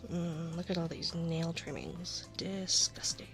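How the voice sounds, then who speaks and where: A woman streamer chatting casually in an ASMR stream, rambling and often dropping into a soft whisper. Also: lowish voice, measured pace, gravelly, music in the background. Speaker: VTuber streamer.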